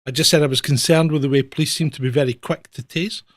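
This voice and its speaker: A man's voice: fairly high pitch, steady tone, fast talker, no room sound. A Scottish man co-hosting a casual talk show, telling stories and acting out the people in them. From Scotland. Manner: storytelling with laughs, acts out quoted voices. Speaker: podcast co-host, former police officer. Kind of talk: casual anecdotal chat.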